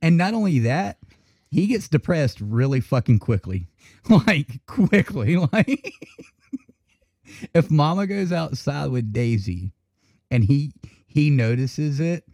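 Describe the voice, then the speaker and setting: A man's voice: on the high side, slow pace, long pauses, dry recording, clean studio sound. Profane, laughing male podcast host. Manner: profane, laughing, animated storytelling. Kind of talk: casual chat.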